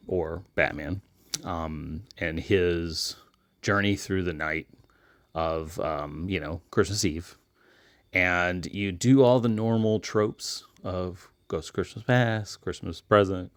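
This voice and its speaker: Low-voiced man with frequent ums. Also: no room sound, clean studio sound. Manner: relaxed, frequent ums and restarts. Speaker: host, comic book retailer. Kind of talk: casual solo recommendation talk.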